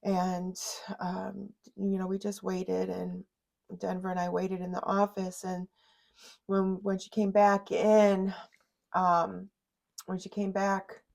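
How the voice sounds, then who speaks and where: A middle-aged woman telling a family story, halting and full of fillers and restarts, close to tears. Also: medium pitch, completely flat delivery, vocal fry, darkish tone. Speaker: mother telling her daughter's story. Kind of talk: emotional personal storytelling.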